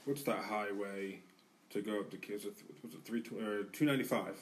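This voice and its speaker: This podcast co-host delivers a rowdy, casual story at normal speed in a lowish voice, sounding far from the microphone. He curses freely and performs the lines of the people involved with lots of animation.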